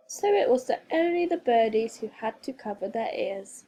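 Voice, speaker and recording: A woman reading a children's storybook aloud as a teacher, expressive and playful with sound effects. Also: fairly high pitch, normal speed, few pauses, husky.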